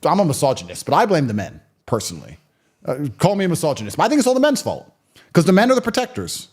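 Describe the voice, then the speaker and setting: A man's voice: on the high side, wildly swooping pitch, fast talker, husky. A man in his thirties, a guest in a sit-down interview, telling stories and giving opinions in a blunt, provocative, emphatic way. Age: 30s. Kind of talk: conversational storytelling and opinion.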